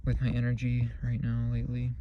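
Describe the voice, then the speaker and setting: A man hosting his own channel, talking casually about spirituality in a rambling, earnest, profane way, and saying his energy is low. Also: monotone, brisk, lo-fi sound, slight background noise. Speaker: channel host. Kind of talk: casual spiritual vlog monologue.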